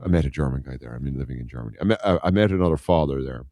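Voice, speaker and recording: Very deep-voiced Irish man chatting. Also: expressive, dark tone, no echo, studio quality. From Ireland. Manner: rambling, halting, lots of fillers and restarts. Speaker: podcast co-host. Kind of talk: casual podcast chat. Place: living in Germany.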